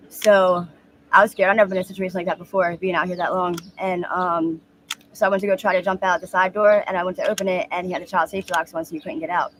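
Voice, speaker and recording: A woman in her thirties speaks quickly and candidly, halting often with fillers as she recounts her story. She is recorded outdoors on a street, with faint birdsong and street noise behind her. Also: on the low side. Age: 30s. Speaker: interviewee. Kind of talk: street interview.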